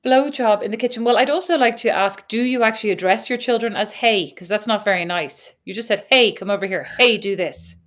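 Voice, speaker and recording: Woman co-host in her 40s, chatty and quick to laugh, casual podcast banter. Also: mid-range voice, fairly bright tone. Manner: chatty, laughs often, acts out kids' voices. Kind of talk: casual chat.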